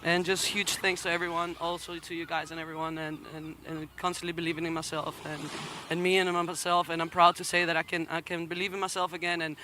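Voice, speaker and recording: A woman from the Canary Islands, a competing athlete, gives an emotional post-heat interview at a beach contest, halting and apologetic, close to tears and laughing through her nerves. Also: fairly low pitch, level tone, pushed and bright, a little hiss or hum.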